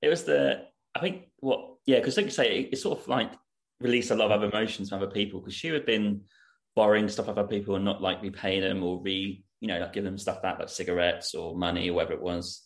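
Podcast host guy, deep-ish voice, laid back and chatty, says "like" a lot. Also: fast talker. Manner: relaxed, chatty, with frequent "like" and "um". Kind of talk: casual interview chat.

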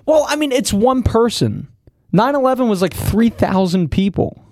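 A man's voice: high voice, normal speed, no echo. A young man, telling stories animatedly in casual banter and often restarting mid-sentence. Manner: animated storyteller, stumbles and restarts. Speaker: podcast co-host.

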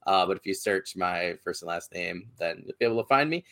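A man's voice: sits low, a little fast, sharp tone. A man who hosts a podcast and writes, talking eagerly and in a rambling way on a video call. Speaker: podcast host and author. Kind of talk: casual podcast chat.

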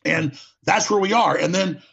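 Gravelly, husky man ranting. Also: sits high, moderate pace, a bit bright, lo-fi sound. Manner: ranting, repeats words for emphasis. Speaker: talk show host. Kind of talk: impassioned political monologue.

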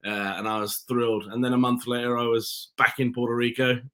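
Fast-talking English man, rambling. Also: mid-range voice, little pitch movement, pushed and bright. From England. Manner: rambling, self-interrupting anecdotes. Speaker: actor. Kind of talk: casual interview chat.

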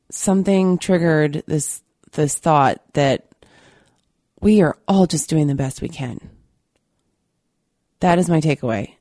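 A woman's voice: on the low side, dark tone, no echo, studio quality. A woman hosting a podcast, talking candidly and earnestly to her listeners, still a little stuffy from a cold. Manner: candid and earnest, with many fillers. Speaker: podcast host. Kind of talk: casual monologue to listeners.

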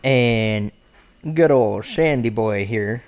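A man's voice: fairly low pitch, slow pace, darkish tone. A man in casual podcast chat who laughs easily and gives blunt opinions. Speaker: podcast co-host.

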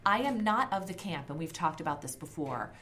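Low-voiced, animated woman podcast co-host. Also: brisk, a little hiss or hum. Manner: blunt, swears freely, animated storyteller. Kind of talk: casual chat.

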